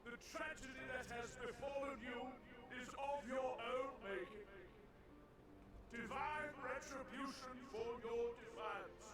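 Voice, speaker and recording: A man's voice: extremely high pitch, takes it slowly. An actor playing a grandiose, self-proclaimed savior who rules as a sneering male villain in a video game. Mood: grandiose preaching. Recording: roomy game audio, distant, loud score.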